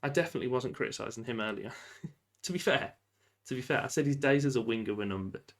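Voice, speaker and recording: A man giving lively, casual commentary while playing a football management game, often shouting at the referee and laughing. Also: mid-range voice, fast. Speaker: gaming YouTuber.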